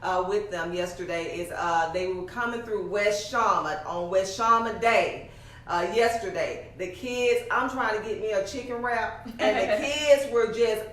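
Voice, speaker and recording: A woman's voice: medium pitch, a little slow, a bit bright. A middle-aged woman, interviewing guests in a chatty way and laughing through her stories. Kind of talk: casual interview. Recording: roomy sound from a distance.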